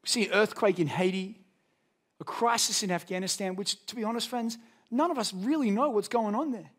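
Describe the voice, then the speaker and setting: An Australian man preaching a sermon with passion, swinging from loud emphasis to hushed, intense moments. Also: high voice, a little fast. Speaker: pastor.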